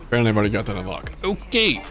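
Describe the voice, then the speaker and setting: Animated man chatting while gaming. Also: lowish voice, very fast, over music. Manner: chatty, animated, talks to viewers. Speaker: streamer. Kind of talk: casual game commentary.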